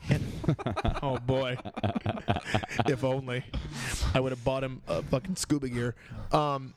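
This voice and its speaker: A man's voice: medium pitch, slow, slight background noise. A man in his forties, a guest comedian, telling stories in casual chat, acting out quotes and stammering through restarts. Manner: animated storyteller, acts out quotes, stammers and restarts.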